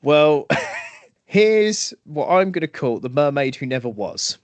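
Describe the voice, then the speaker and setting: A man's voice: on the high side, big pitch swings, slow, dry recording. A British man co-hosting a podcast, chatty and self-mocking as he recounts folklore. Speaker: podcast co-host. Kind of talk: casual chat, storytelling.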